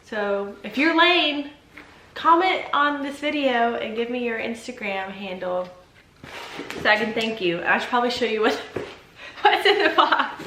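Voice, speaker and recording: A young woman talks to her viewers in a chatty, upbeat way, laughing easily between thoughts. Her voice still carries a hint of morning roughness. The sound is roomy and echoey, with faint noise behind it. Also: on the high side, moderate pace. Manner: chatty, bubbly, laughs often. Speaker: vlogger and teacher. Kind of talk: casual chat to camera. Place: at home indoors. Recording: echoey room.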